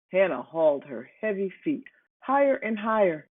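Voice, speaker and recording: A reader slowly and playfully reading a children's picture book aloud. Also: mid-range voice, no room sound. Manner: slow, animated, playful. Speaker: storybook reader. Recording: tinny phone-like, dry.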